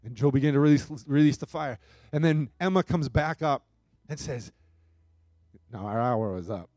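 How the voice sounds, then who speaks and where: A man preaching a sermon and telling a story, his voice swinging between hushed moments and loud, emphatic bursts. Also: medium pitch, moderate pace, pauses often, no room sound. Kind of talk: sermon testimony.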